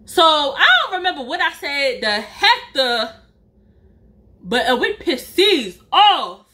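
A woman vlogger telling a workplace story in casual chat, animated and slangy, acting out what people said. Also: high-pitched, slow pace. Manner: animated, slangy, acts out quotes.

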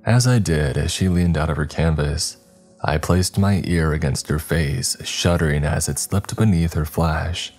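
A man narrating a horror story in a measured, dramatic storytelling manner. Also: rumbling low, a little mellow, faint music behind.

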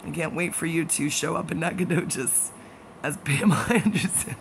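Gravelly man rambling over an AC hum. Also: a little high, moderate pace, fairly bright tone, poor audio. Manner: meandering, jokey, gossipy asides with frequent laughs. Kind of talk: rambling casual monologue.

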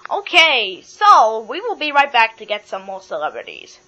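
A woman's voice: a little high, huge pitch swings, normal speed. A woman hosting a pretend toy talk show, giving matter-of-fact answers and bossy instructions. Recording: dull lo-fi with mains hum.

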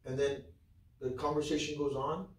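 Preacher with a far-off echo. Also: male voice, fairly high pitch, flat delivery, moderate pace. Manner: conversational, acts out quoted dialogue. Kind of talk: sermon teaching. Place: church hall. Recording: echoey hall from far off.

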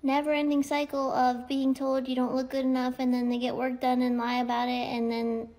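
Young woman w a super high little voice just ranting at her phone, kinda self-mocking. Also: completely flat delivery, a little fast, mellow. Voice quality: very high, small-sounding voice. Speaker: comedy creator. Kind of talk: casual talking to camera.

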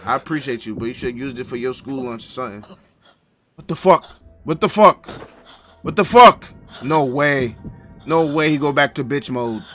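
Male live streamer, excitable and profane, bright edgy tone, soundtrack faint under him. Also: medium pitch, moderate pace, pauses often, faint music behind. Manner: excitable, profane banter with chat.

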